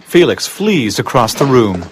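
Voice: medium pitch, very animated, a little slow, noisy background. A narrator giving plain, matter-of-fact audio description of the action.

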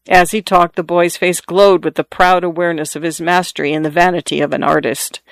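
A man's voice: a little high, level tone, brisk, creaky, few pauses, fairly bright tone, no room sound. A man narrating a story in a scripted reading style, lightly voicing the characters in the dialogue.

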